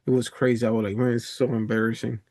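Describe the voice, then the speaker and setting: A man's voice: medium pitch, level tone, quick pace, mellow. A man with a mid-range voice talks on a video call with his coach. He is from the Dominican Republic and tells stories loosely, breaking into laughter and peppering his talk with "bro" and swearing. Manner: chatty storyteller, laughs often, swears, says "bro" a lot. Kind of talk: casual chat on a coaching call.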